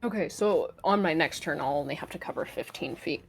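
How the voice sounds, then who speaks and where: A woman's voice: deep voice, brisk, gravelly, faint music behind. A woman playing a tabletop game, tentatively checking the rules aloud as she plans her turn. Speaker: player.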